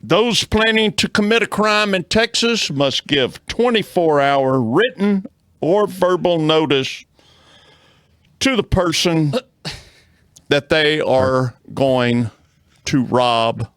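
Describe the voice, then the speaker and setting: A man's voice: fairly high pitch, slow pace, fairly bright tone, clean tone, dry recording, clean studio sound. A man co-hosting a casual podcast, reading out odd laws and joking along in a drawl. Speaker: podcast co-host. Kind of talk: casual panel chat, reading aloud.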